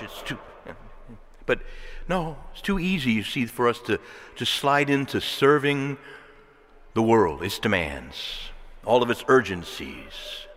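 Male preacher, conversational sermon delivery, very expressive pitch, reverberant church sound. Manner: animated, conversational preaching with rhetorical questions.

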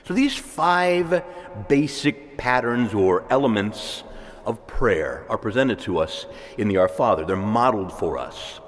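A male priest giving a sermon in a conversational way, with asides and soft laughs. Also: fairly low pitch, animated, a little slow. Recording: long reverb of a church hall.

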